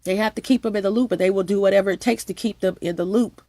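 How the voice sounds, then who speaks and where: A woman's voice: medium pitch, steady tone, fast, dark tone, no room sound. A woman with a stuffy, sniffly nose, delivering a rambling personal monologue, repeating herself and restarting often. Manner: repetitive, emphatic, with frequent restarts. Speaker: channel host.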